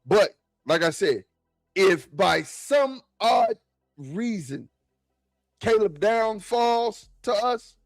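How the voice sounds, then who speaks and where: A man talking football in a casual, excitable, slangy way, often repeating himself. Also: sits high, very slow, dry recording. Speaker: football podcast guest. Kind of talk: casual sports talk.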